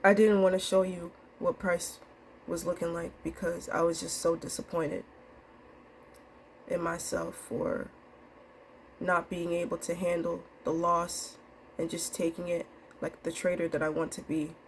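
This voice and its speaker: A young woman venting in a low, confessional way, rambling and dejected with casual slang. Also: level tone, a little slow, slight background noise. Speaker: vlogger day trader. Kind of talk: emotional live trading vlog.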